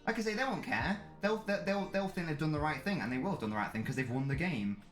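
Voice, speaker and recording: A man's voice: a little high, expressive, fast talker, faint music behind. Male streamer, angry foul-mouthed live-match ranting, echoey room. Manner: angry ranting, heavy swearing. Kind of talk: live match watch-along commentary.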